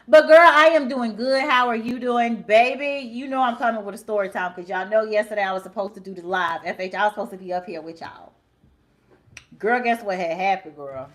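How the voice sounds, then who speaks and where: A woman's voice: mid-range voice, a little fast. A woman chatting casually to her viewers on a live stream, greeting them in a sing-song way and talking straight to them. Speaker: livestream host.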